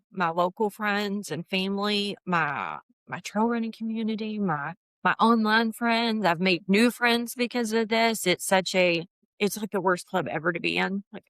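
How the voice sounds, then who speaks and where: A woman, a guest talking candidly in an interview, earnest and full of restarts, with lively emphatic bursts. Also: mid-range voice, no echo. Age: 50s.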